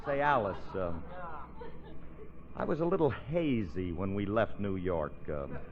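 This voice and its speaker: A man's voice: low-pitched, lively intonation, unhurried, lo-fi sound, crowd noise. Folksy man in old radio comedy. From Tennessee. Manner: boastful, folksy wisecracking delivery. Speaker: comedian and co-host. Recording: hissy old radio broadcast.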